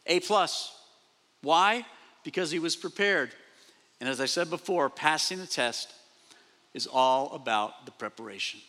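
A man pastor preaching a sermon, animated, repeating phrases and acting out quoted speech. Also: a little high, unhurried, pauses often. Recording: long reverb of a large hall.

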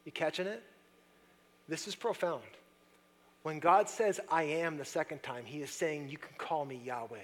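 A man's voice: fairly high pitch, normal speed. Man preaching in a reverberant hall. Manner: conversational, swings between soft hushed passages and loud excited ones. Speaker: pastor. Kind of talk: sermon. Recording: long reverb of a large hall.

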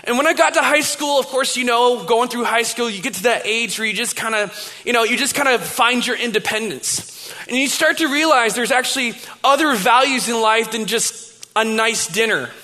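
This sermon comes from a man in his thirties with a very high-pitched voice that sounds pushed and bright at a moderate pace. His storytelling is conversational and full of restarts, echoing with the long reverb of a big hall.

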